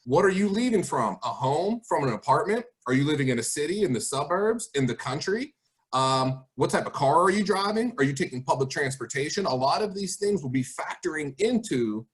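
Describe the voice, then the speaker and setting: A man's voice: on the high side, sing-song, normal speed. A man speaking as a college guest to students over a video call, encouraging them and asking rhetorical questions. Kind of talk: online presentation to students.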